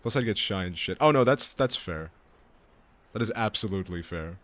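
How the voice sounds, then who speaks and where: A male streamer chatting casually, excitable and swearing, laughing often and tripping over his words. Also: sits low, normal speed. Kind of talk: casual chat on a live stream.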